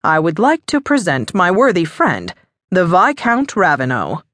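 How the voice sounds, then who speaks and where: A woman voicing a courteous, formal young gentleman in an audiobook. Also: fairly low pitch, sing-song, unhurried, no echo. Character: polite, proper young gentleman.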